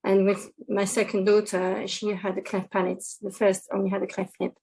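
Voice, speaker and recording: A woman's voice: mid-range voice, completely flat delivery, normal speed, warm tone, husky, rough recording. A woman on a panel speaking as a parent, in a matter-of-fact, plain-spoken way. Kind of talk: live panel discussion.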